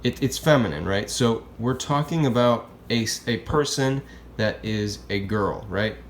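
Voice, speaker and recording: A man's voice: mid-range voice, unhurried, a little hiss or hum. Chatty man teaching a language lesson. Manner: casual and chatty, checks in with "okay?" and "right?". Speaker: Spanish teacher. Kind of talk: classroom lesson explaining grammar.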